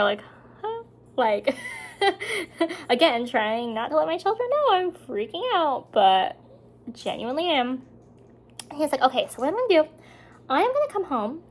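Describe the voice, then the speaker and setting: Mom vlogger, thirties, fairly high voice, chatty storyteller, slips into whispers, filmed at home. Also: female voice. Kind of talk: casual chat to camera. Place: home indoors.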